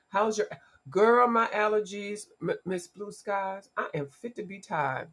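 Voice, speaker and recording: A woman's voice: mid-range voice, unhurried, a bit bright. A woman hosting a casual livestream, congested from allergies and chatting with her viewers by name. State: congested from allergies, voice gone deep. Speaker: livestream host.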